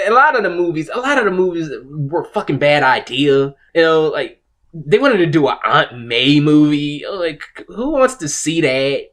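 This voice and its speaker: A man's voice: a little high, very animated, moderate pace, a bit bright. A man hosting a casual commentary video, rambling and swearing, with frequent restarts and laughs. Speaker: video host.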